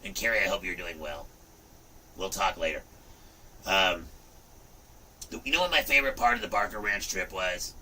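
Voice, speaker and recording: Rambling man in his fifties, bright voice. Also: deep voice, moderate pace, long pauses, recorded from a distance, a little hiss or hum, poor audio. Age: 50s. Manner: rambling, animated, repeats "look" and "you know". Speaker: livestream host. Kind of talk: casual rambling livestream chat.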